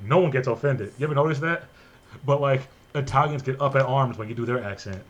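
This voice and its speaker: A man's voice: mid-range voice, lo-fi sound. A man hosting a podcast in casual, joking chat, recorded remotely. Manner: fast, animated, joking. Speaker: podcast host.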